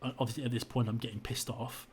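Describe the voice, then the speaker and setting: A man's voice: medium pitch, flat delivery, fast talker, darkish tone, a little hiss or hum. A young man tells his own story in a frustrated, indignant way, often repeating himself. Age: young adult. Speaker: vlogger. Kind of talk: personal story to camera.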